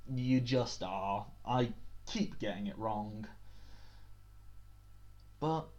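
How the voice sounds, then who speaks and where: A man's voice: lowish voice, drawn-out words, a little mellow. A British man giving tabletop game master tips in a chatty, self-deprecating way, on a dull lo-fi recording. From Britain. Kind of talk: casual tips video.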